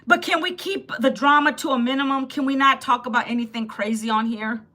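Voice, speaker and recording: Hosting a casual live stream, a woman in her fifties speaks a little fast in a high, pushed, bright voice. She's chatty, addresses viewers' comments directly as they appear, and laughs often.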